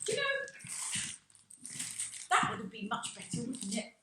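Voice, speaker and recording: A woman's voice: a little high, big pitch swings, normal speed, heavy background noise. An older woman playing a chatty rambling reminiscing woman. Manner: rambling, tangential, laughing at her own asides. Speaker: amateur stage actor. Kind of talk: amateur stage play monologue. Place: theatre stage. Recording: roomy hall sound from a distant mic.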